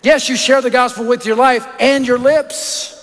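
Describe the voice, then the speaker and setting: A man preaching a sermon, telling a story with animated, punchy delivery. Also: very high-pitched, normal speed. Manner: animated, anecdotal, punchy lists. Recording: echoey hall.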